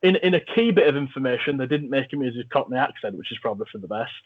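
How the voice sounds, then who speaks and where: Male podcast host, jokey and eager, mid pitch, narrow phone-like audio. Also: lively intonation, very fast. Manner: enthusiastic, jokey. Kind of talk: casual film chat.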